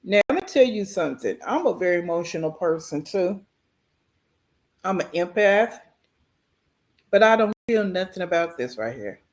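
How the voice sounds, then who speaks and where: A woman's voice: fairly low pitch, big pitch swings, moderate pace, pauses often. Blunt woman reacting to a video. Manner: blunt, critical, emphatic. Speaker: reaction channel host. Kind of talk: reaction commentary.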